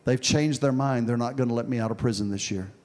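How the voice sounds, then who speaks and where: A man preaching a sermon and telling a story from his own past, dropping soft and low, then building to loud, forceful preaching. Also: fast talker. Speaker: pastor. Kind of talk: sermon with personal testimony.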